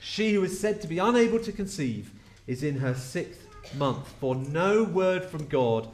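A man preaching a lively sermon at a carol service, chatty and playful as he talks straight to the congregation. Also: a little high, unhurried. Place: church.

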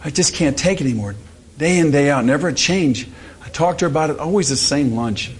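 A man's voice: on the high side, lively intonation, a little fast, lightly acted. A man putting on a fed-up builder. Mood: weary. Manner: weary complaining. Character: fed-up English construction worker.

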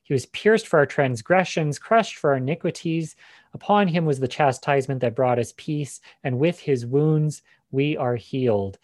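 A man's voice: on the high side, moderate pace, no room sound, studio quality. A man giving a Bible lesson, explaining passages with frequent fillers and restarts. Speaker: Bible teacher. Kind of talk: teaching session on scripture.

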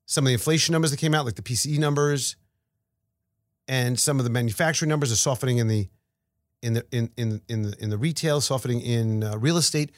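A man co-hosting a podcast talks fast in a medium-pitched voice, recorded dry with studio quality. He chats casually about markets, animated and rambling, with stammering restarts and repeated words.

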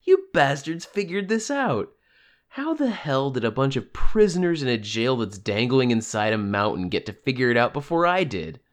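A man reading an audiobook, voicing a brash, sharp-tongued young woman schemer who talks bluntly and mocks others. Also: medium pitch, very animated, pitched above the performer's own voice, natural voice. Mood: exasperated. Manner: blunt, mocking, fast-thinking.

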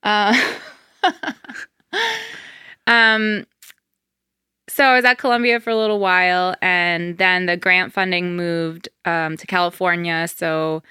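A woman's voice: lowish voice, steady tone, slow pace, long pauses, sharp tone, clean tone, dry recording, studio quality. A woman, a wedding planner telling her story as a podcast guest, chatty and full of "um" and "like". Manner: chatty, many fillers like um and like. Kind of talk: casual interview.

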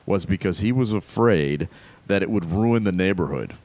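A man co-hosting a casual comedy podcast, telling stories in a wry, animated way. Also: deep voice, moderate pace. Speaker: podcast co-host.

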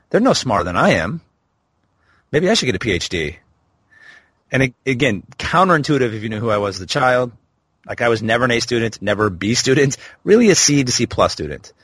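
A man's voice: mid-range voice, fairly bright tone, slightly rough, dry recording. A man in his thirties, a podcast guest, candidly telling a personal story in a reflective way. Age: 30s. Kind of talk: storytelling interview.

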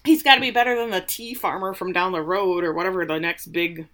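A woman's voice: lowish voice, fairly even intonation, a little fast, fairly bright tone. A woman co-hosting a casual podcast, recapping a TV episode in a wry, sarcastic way with mock voices for the characters. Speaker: podcast co-host.

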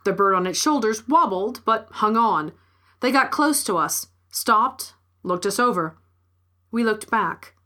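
A woman narrating a short story in a measured, clear reading. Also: fairly high pitch, lively intonation, pushed and bright. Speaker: story reader.

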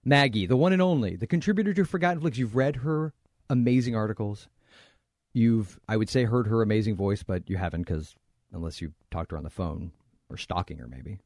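A man's voice: on the low side, animated, a little fast, a little mellow, no room sound, clean studio sound. A man hosting a podcast in casual chat, joking and rambling with frequent laughs. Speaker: podcast host.

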